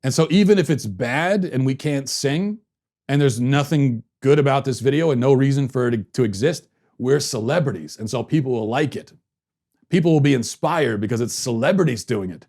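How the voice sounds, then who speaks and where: A man in his thirties hosting a commentary show, telling a story at home in a sarcastic, deadpan way and keeping his voice down. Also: normal speed. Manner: lowers his voice to keep quiet at home. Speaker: podcast host. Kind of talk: opinion commentary monologue.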